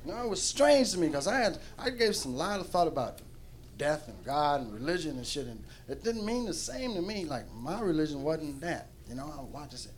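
A man doing stand-up comedy on stage before a live audience, telling a profane, animated story into a handheld mic. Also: fairly high pitch, moderate pace.

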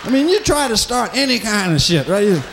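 A married man performing a profane, animated stand-up routine, acting out the voices of men in bars. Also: high voice, brisk, creaky, background noise. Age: adult, married. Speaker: stand-up comedian.

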